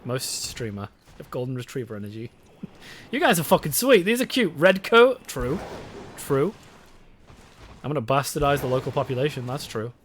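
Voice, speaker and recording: This is casual live-stream chatter from a young British man playing a game, rambling, swearing, and talking with his chat. He has a mid-range, slightly bright voice, and slight background noise is present.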